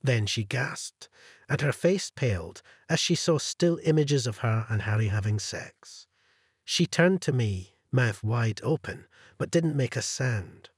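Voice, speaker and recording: A man narrating a first-person revenge story in a cold, measured way, with a husky voice. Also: mid-range voice, dry recording, studio quality.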